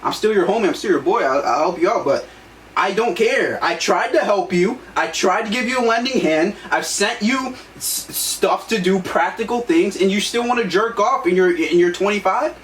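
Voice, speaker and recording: A man's voice: sits high, lively intonation, moderate pace, a bit bright. A young man co-hosting a podcast, giving blunt, profane motivational talk. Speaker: podcast co-host. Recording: echoey room, distant mic, faint noise.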